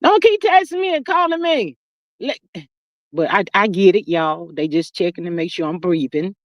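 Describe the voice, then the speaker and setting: A middle-aged woman hosting a livestream, chatting casually with viewers and reading their comments in an animated, talkative way. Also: lowish voice, normal speed, no room sound, muffled recording. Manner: chatty and animated, calls viewers "child" and "y'all". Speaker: livestream host. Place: sitting outdoors.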